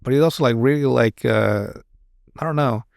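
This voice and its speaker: A man's voice: mid-range voice, normal speed, creaky, a little mellow, no room sound. Profane rambling man, dry close sound. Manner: rambling and profane, with many restarts. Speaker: podcast host. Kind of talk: casual chat.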